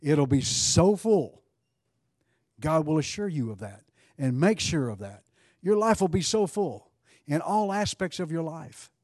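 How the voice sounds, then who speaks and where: Pastor guy preaching, warm mellow tone, earnest, leads altar prayer. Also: fairly high pitch, sing-song, unhurried, no echo. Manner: repetitive, earnest preaching with rhetorical questions; rises to fervent, louder prayer.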